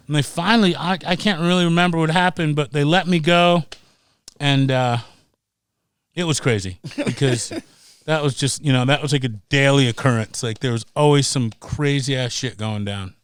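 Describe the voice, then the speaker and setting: A middle-aged man telling stories as a podcast guest, animated and profane, acting out voices as he goes. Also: on the high side, normal speed, smooth, no room sound, studio quality. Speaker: guest, pro snowboarder. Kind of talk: casual storytelling.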